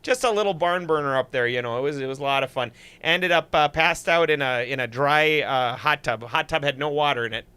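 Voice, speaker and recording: A man's voice: fairly high pitch, fairly quick, hardly any pauses, pushed and bright, clean tone, no room sound. A man voicing a folksy, chatty small-town guy with a thick northern Wisconsin accent. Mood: folksy cheerful. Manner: exaggerated folksy drawl, chatty storytelling. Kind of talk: comic put-on accent on a livestream.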